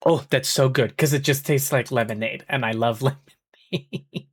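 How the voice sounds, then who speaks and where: A woman's voice: very deep voice, normal speed, husky. A woman streaming a game, chatting in a rambling, giggly way full of fillers and exclaiming at the screen. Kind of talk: casual live-stream chat while playing a game. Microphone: headset. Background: faint game music.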